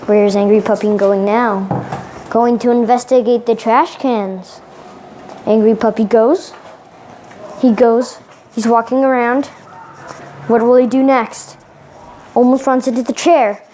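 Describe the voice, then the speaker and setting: Excitable high-voiced woman filming her puppy. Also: unhurried, pauses often, a little hiss or hum. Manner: excitable, giggly, breaks into shrieks. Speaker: channel host. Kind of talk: playful pet vlog commentary. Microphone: headset microphone.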